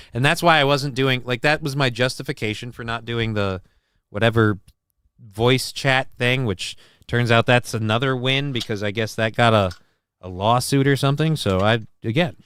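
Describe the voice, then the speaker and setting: This man talks into a close desk mic on a casual live stream, his voice smooth and clear in a dry, dead room. He rambles defensively and swears freely, and his voice cracks at times. His pitch sits in an ordinary middle range for a man. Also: normal speed, fairly bright tone, no echo. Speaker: livestream host reading chat.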